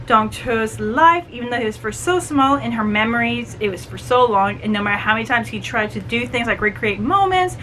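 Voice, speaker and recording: A woman chatting through a book review, animated and full of "like" and "you know". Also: on the high side, brisk, hardly any pauses, a little hiss or hum, poor audio. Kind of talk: casual book review vlog.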